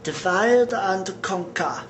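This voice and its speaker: Someone playing a menacing elite villain, mock German accent, measured middle pitch, faint hum behind. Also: expressive. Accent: put-on German accent.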